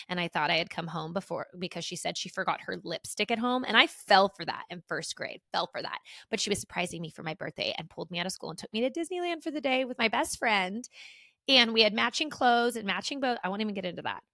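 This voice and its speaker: Brief: podcast host, woman in her thirties, rambling and chatty, bright tone, dry close sound. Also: lowish voice, gravelly, no room sound. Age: 30s. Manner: chatty, rambling, many fillers. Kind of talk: casual storytelling chat.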